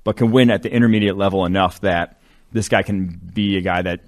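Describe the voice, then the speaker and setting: Low-voiced man rambling on a sports podcast. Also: steady tone, a little fast. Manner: loose, rambling, heavy on fillers. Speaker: podcast co-host, draft analyst. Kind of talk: casual sports podcast chat.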